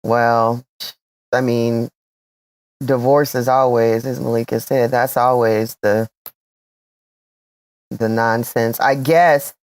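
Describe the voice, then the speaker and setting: A woman co-hosting a casual chat, telling a personal story in a measured, reflective way. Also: rumbling low, level tone, a little mellow. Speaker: podcast co-host.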